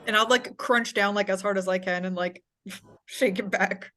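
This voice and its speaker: A woman's voice: mid-range voice, steady tone, moderate pace, a bit bright. A woman playing in a tabletop game, talking casually and laughing often. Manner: casual and giggly. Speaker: player.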